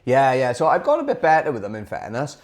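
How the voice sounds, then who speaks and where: A man co-hosting a casual podcast chat, talking in a loose, halting way with fillers and the odd swear word. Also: mid-range voice, huge pitch swings. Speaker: podcast co-host.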